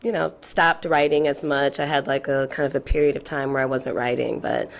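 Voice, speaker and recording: A woman in her thirties with a raspy voice, talking reflectively as an interview guest, with many fillers. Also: very deep voice, steady tone, fairly quick. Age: 30s. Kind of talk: casual interview chat.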